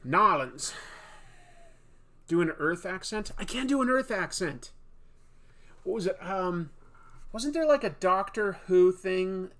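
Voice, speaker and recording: A man's voice: sits high, expressive, unhurried. A man hosting a casual live stream, chatting with viewers and laughing at himself a lot. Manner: chatty, self-deprecating, laughs often.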